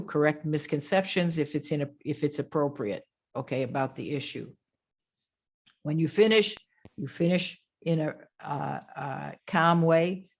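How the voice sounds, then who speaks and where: A woman grief counselor giving a webinar lecture over a video call, calm and gentle, with frequent fillers. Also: sits low.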